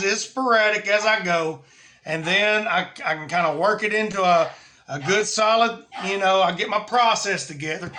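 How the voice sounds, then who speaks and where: A man hosting a live stream with a high, bright, forceful voice. He talks in a loose, friendly ramble full of fillers and restarts. A faint hiss of noise sits under the voice. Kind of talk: casual live-stream chat.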